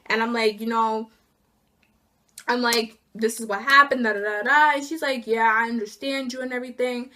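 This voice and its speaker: Animated, high-voiced teen girl ranting. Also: normal speed. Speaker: student vlogger. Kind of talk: casual storytime vlog.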